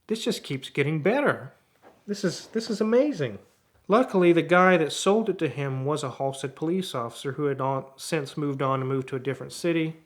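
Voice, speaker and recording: A middle-aged man who runs a car repair shop, telling a story in an animated way and acting out both sides of the conversations. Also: a little high, a little fast. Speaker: auto repair shop owner. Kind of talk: storytelling to camera.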